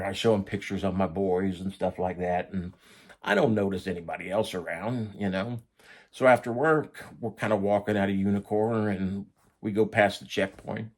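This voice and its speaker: A middle-aged man casually telling prison stories, blunt and profane. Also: fairly low pitch. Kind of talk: casual storytelling.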